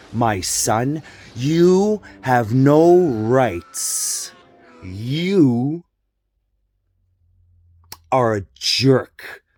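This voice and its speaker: A man's voice: medium pitch, darkish tone, no room sound, clean studio sound. A man voicing a defensive, self-pitying older mother who scolds her son and keeps blaming him. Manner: accusing and whiny, repeats blame.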